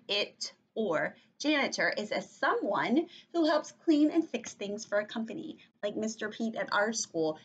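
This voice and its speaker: Sing-song woman teaching young children. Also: mid-range voice. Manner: clear, slow, sing-song explaining to kids. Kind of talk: online read-aloud lesson for young children.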